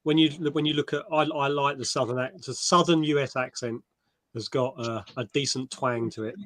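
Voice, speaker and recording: An easygoing man chats on a live stream and laughs often. His voice is mid-pitched and sounds dry and close. He talks in a loose, relaxed way. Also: brisk, no echo. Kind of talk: casual chat.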